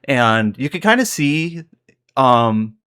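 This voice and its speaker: A man's voice: medium pitch, sing-song, takes it slowly, bright, forceful tone, smooth. A man co-hosting a casual podcast, rambling through his account with many fillers and self-corrections. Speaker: podcast co-host.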